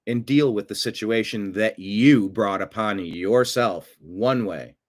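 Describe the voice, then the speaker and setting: A man hosting a profane political rant, swinging from low mutters to loud outbursts. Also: slow. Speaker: political commentary host.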